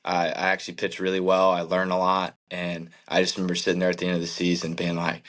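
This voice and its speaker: Guy in his 30s opening up in an interview, fairly low voice, earnest, lots of "like" and "man". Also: fairly even intonation, fairly quick, fairly bright tone, poor audio. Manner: earnest, reflective, many fillers like "like" and "man". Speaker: professional baseball pitcher, guest. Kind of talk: candid interview storytelling.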